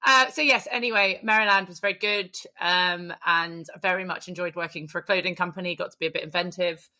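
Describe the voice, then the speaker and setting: A woman's voice: lowish voice, fairly even intonation, fairly quick, bright, forceful tone. A woman co-hosting a podcast, chatting and gossiping with plenty of laughs. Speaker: podcast co-host. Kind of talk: casual chat.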